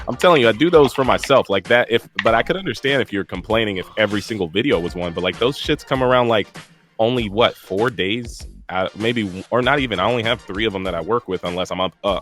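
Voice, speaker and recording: A man talking casually in a group chat, animated and laughing as he defends his videos. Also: on the low side. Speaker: guest YouTuber.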